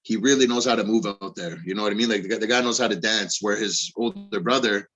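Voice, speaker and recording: A man talking in a casual podcast chat about arm wrestling, profane, excitable and emphatic. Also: on the low side, racing.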